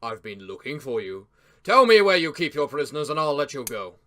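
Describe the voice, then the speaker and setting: A man voicing a pompous male lord who speaks formally and in a lower, quieter voice. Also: very animated, brisk. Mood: haughty.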